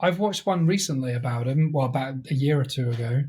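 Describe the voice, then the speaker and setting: A man's voice: mid-range voice, a little fast, warm tone, slightly rough. A man co-hosting a podcast, chatting casually and rambling as he tells a story. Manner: rambling, acts out quoted voices. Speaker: podcast co-host. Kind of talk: casual chat.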